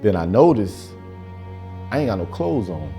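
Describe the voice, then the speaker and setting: A man with a fairly low voice tells stories on stage in loose, profane slang. His delivery is conversational and unhurried. Faint music sits underneath. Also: big pitch swings, dark tone. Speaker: stand-up comedian. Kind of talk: stand-up storytelling. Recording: live show with audience laughter.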